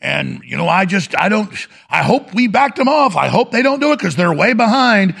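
Sing-song and high-pitched, a radio talk host with a gravelly, fairly bright voice moves at a moderate pace. His monologue is fiery and urgent, leaning heavily on repetition.

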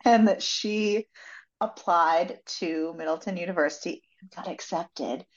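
A woman co-hosting a casual book club podcast, retelling the plot with lively acted-out quotes. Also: measured pace, highs cut off. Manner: animated retelling, acts out quotes in high voices. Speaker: podcast co-host.

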